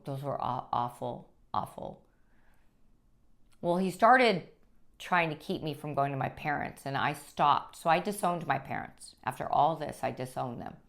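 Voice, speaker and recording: A woman sharing her personal story as a guest, speaking earnestly and haltingly, with frequent restarts. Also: rumbling low, vocal fry. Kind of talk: personal testimony.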